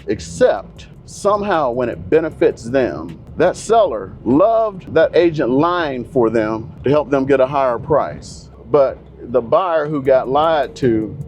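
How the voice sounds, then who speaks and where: A man's voice: medium pitch, darkish tone. A middle-aged man talking in a car, blunt, opinionated and rambling, a real estate agent hosting his own channel. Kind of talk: casual monologue to camera.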